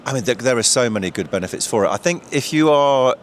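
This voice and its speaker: A man's voice: mid-range voice, animated, fast, a little hiss or hum. A man who presents live events, speaking fluently and with enthusiasm beside a show stage. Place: exhibition stage area.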